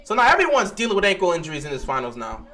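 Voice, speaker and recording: A young man hosting a live stream, reacting to a basketball game as he watches it. He swings between quiet mumbling, pleading and sudden shouts. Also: high-pitched, huge pitch swings, rapid-fire.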